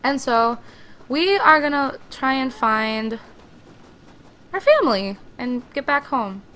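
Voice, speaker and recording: Bright-voiced excitable woman gaming. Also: high-pitched, slow pace, a little hiss or hum. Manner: excitable, swears freely, talks to game characters. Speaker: let's play gamer. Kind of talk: casual game commentary.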